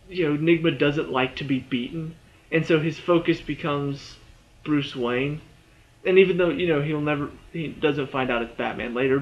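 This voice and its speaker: A man's voice: medium pitch, lo-fi sound. A man giving a casual, rambling spoken review of a TV episode, full of "you know" and "like".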